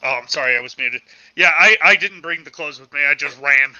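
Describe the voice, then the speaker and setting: A man playing a tabletop game, chatting quickly and a bit flustered over a voice call. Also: on the high side, pushed and bright, no room sound, muffled recording. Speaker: player. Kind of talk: casual game chat.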